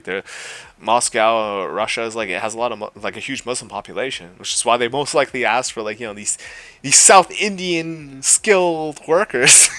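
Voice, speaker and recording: A man ranting on his own video channel, profane and mocking, with rambling fillers, swinging from loud jeers to low mutters. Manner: rambling with frequent fillers and laughs. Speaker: YouTube commentator. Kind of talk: unscripted solo rant.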